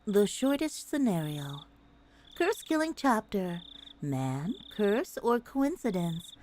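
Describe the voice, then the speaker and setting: Brief: woman narrator voice, mid pitch, steady and deliberate game-text reading. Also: a little hiss or hum.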